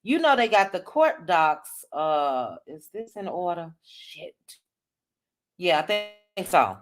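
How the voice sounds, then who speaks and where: A woman from the DC hosting a casual livestream, reading viewer comments aloud with quick chatty asides. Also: lowish voice, big pitch swings, soft background music. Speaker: livestream host.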